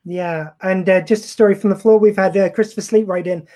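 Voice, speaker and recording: A woman's voice: mid-range voice, steady tone, a little fast, dark tone. A woman hosting a casual interview, chatty and friendly. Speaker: podcast host.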